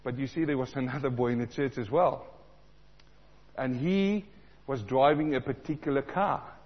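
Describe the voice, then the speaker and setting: A man from South Africa preaching a sermon, animated, repeating lines for emphasis and acting out the voices he quotes. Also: mid-range voice, normal speed, husky. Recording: dull sound in a large reverberant hall.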